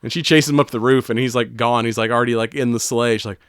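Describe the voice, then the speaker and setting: A man co-hosting a casual podcast, retelling a movie in a loose, rambling way with plenty of swearing and laughter. His voice is smooth and clear. The sound is dry and close. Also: medium pitch, fairly even intonation, fast, fairly bright tone, dry recording. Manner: profane, rambling, laughs often. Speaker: podcast co-host.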